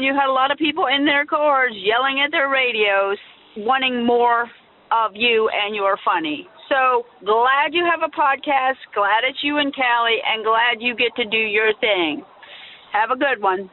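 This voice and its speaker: Caller, high register, emphatic and impassioned, phone-line voicemail. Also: normal speed. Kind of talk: voicemail message.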